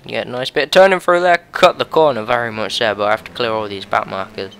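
A young man giving excitable play-by-play commentary on a racing game, his voice going a bit hoarse. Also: on the low side, fast talker. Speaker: gaming video host.

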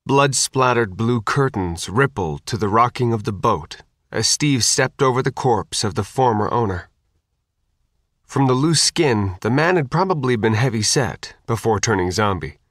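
A man reading an audiobook in a measured, even style. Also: medium pitch, no room sound, studio quality. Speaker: audiobook narrator. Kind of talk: scripted audiobook narration.

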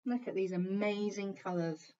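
A woman's voice: medium pitch, normal speed, mellow, highs cut off. A woman teacher reading a picture book aloud to young children, telling the story expressively and pointing out the pictures as she goes.

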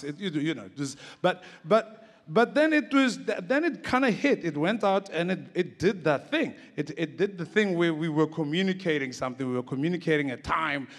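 A man's voice: on the high side, long reverb tail. A man in his forties, a comedian giving a rambling, casual storytelling talk on stage. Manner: casual, rambling, lots of restarts and "like".

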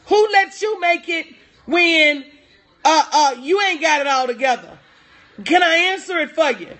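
On a motivational livestream, a middle-aged woman coaching in business speaks preachily and with emphasis, saying hello to people by name and repeating her main lines. She has a high-pitched, slightly bright voice.

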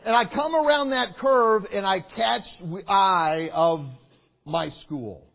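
Animated preacher man, tinny sound. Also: high-pitched, slow, gravelly. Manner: animated, acts out the story with shouts and sound effects. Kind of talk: storytelling sermon. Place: large meeting hall.

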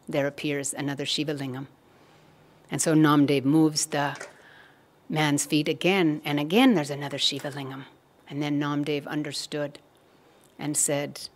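A woman telling a spiritual story in an unhurried, measured way. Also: low-pitched.

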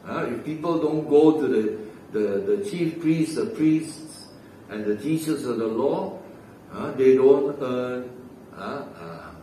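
A male pastor preaching at an unhurried pace, pushing his voice up on key words and letting it sink at the ends of phrases. His voice carries through a big, echoing church hall, picked up from far off with a faint hiss underneath. He leans on "uh" and a questioning "right?" to keep the congregation with him. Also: mid-range voice, warm tone. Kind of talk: sermon and closing prayer.

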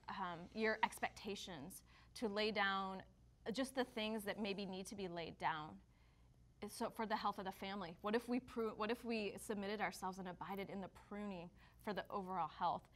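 Woman, church co-host, casual devotional chat, reflective, mid-pitched, unpolished restarts. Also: normal speed, fairly bright tone. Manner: reflective, with frequent fillers and restarts.

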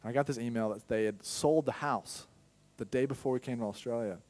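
A young pastor delivers a sermon built on his personal testimony, telling his story openly and breaking into sudden loud bursts. His voice sits in the mid-range and moves a little fast.

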